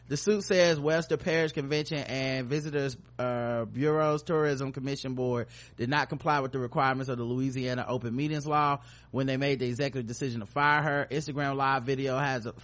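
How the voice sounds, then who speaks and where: A man's voice: medium pitch, steady tone, brisk, a bit bright. A man co-hosting a podcast, reading news stories aloud and joking about them with crude, profane humor. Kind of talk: casual comedic chat and news reading.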